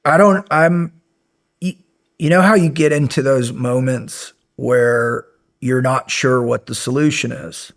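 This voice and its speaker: A former Navy SEAL guest telling a story in a casual, animated way, acting out the dialogue and restarting sentences as he goes. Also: medium pitch, measured pace, creaky. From United States. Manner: animated, acts out quoted dialogue, many restarts.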